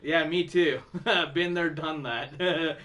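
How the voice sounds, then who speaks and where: A man's voice: a little high, steady tone, slow pace, fairly bright tone. A man hosting a music stream who tells rambling stories in casual chat, laughing often and swearing a lot.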